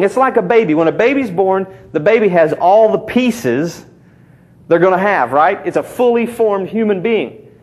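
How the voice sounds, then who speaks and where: Middle-aged man, pastor; a casual, bantering sermon voice that sits slightly high. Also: a little mellow. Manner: conversational, teasing the congregation with call-and-response.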